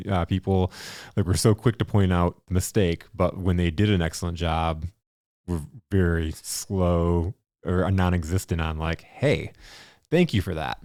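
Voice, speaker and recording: A man's voice: sits low, a little mellow, dry recording, clean studio sound. A man hosting a podcast, giving earnest and affirming reflections on praise and owning mistakes. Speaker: podcast host. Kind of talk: conversational podcast commentary.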